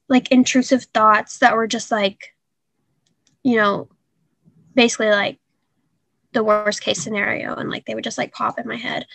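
Young woman, higher voice, halting earnest speech full of fillers, dry close sound. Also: creaky, fairly bright tone, no echo. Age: young adult. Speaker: guest. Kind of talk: personal story in an interview.

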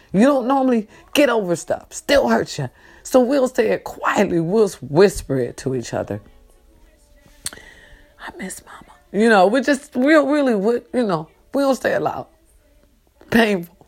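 A woman speaking, casually addressing viewers in a monologue that moves between lively, swearing storytelling and slow, subdued grieving. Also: lowish voice. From California. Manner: animated and swearing at first, then slow and subdued while grieving. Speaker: host.

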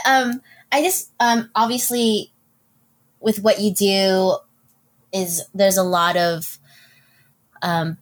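A woman hosting an interview, enthusiastic and supportive, asking questions with plenty of ums and likes. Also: medium pitch. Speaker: interviewer, host.

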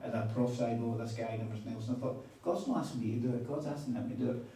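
A man preaching a sermon, telling a story in a chatty, animated way with quoted dialogue. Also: medium pitch, very fast. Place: conference hall on a weekend retreat. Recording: echoey hall, mic at a distance.

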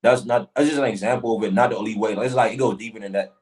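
A man's voice: lowish voice, steady tone, rapid-fire, a little mellow. A man arguing insistently in a heated group debate, repeating himself and cutting in. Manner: insistent, repeats "bro", interrupts. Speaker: debate participant.

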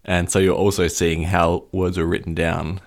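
Low gravelly man, analytical chat. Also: little pitch movement, normal speed. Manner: probing, analytical questioning. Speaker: podcast co-host. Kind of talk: casual chat.

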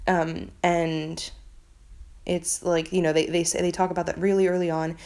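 Rambling young woman, lowish voice. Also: flat delivery, normal speed, vocal fry, darkish tone. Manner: rambling, filler-heavy, swears freely. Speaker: book vlogger. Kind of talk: casual book review chat.

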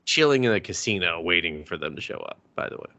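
Low, bright-voiced man rambling casually. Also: animated, quick pace, creaky. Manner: rambling retelling, quoting characters, chuckling. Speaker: podcast co-host. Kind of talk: casual chat recapping anime episodes.

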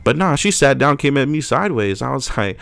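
A man's voice: medium pitch, fairly quick, vocal fry, smooth, no echo. A young man, telling a story in a casual podcast chat and acting out the quotes. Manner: animated storyteller, acts out quotes loudly. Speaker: podcast co-host.

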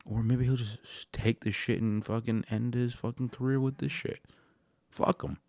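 A man's voice: mid-range voice, normal speed, creaky, no room sound. A man hosting a podcast, telling stories and giving rambling, profane comedic commentary on videos. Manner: rambling, profane, animated storyteller. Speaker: podcast host reacting to videos.

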